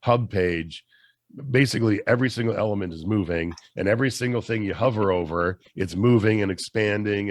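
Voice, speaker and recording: A man's voice: on the low side, a little fast, dry recording, clean studio sound. A man co-hosting a casual chat, explaining things step by step with many restarts. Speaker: co-host.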